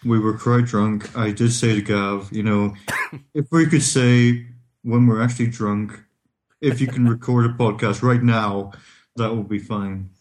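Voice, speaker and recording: A man's voice: on the low side, steady tone, unhurried, a little mellow. A man with an Irish accent, drunk, giggling and rambling as a guest on a casual podcast, recording from home. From Ireland. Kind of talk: casual chat. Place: home in England.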